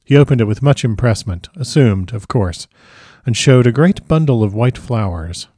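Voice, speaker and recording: A man narrating a classic novel in the first person with measured, formal diction. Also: mid-range voice, animated, warm tone, no room sound, clean studio sound. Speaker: audiobook narrator.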